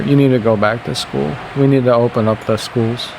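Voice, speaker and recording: A man's voice: fairly quick, gravelly, noisy background. Rambling young man streaming a game. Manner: rambling, animated, jumps high when quoting people. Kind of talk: casual stream chatter.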